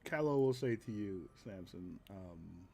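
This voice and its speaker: A man running a tabletop game as game master, narrating in a relaxed, halting way. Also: deep voice, creaky. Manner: relaxed, hesitant with fillers.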